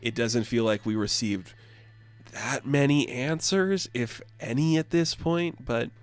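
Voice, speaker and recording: A man's voice: medium pitch, no echo. Male comic reviewer, casual and wry, dry close sound, mid-range voice. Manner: loose, joking, summarizes in quick asides.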